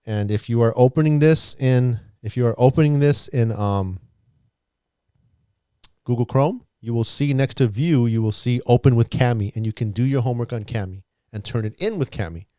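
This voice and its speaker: Male teacher, online math lesson, talks through steps, middle pitch, dry close audio. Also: moderate pace, warm tone, no room sound. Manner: chatty, walking students through steps aloud.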